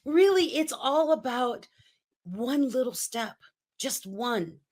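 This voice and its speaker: A woman in her fifties, a speaking coach giving an energetic, emphatic motivational interview and acting out quotes. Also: fairly high pitch, slow pace. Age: 50s.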